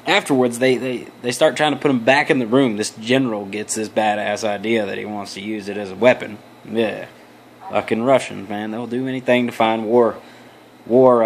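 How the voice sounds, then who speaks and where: A young man tells a story to camera in a loose, rambling way, peppered with crude, profane asides and restarts. His voice sits at an ordinary middle pitch, with a faint hiss of noise behind him. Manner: loose, meandering, many restarts. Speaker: vlogger.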